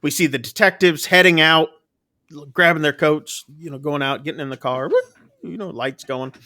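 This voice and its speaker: A man's voice: on the high side, normal speed, pushed and bright. A man co-hosting a casual movie review, retelling the plot loosely with many fillers. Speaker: podcast co-host.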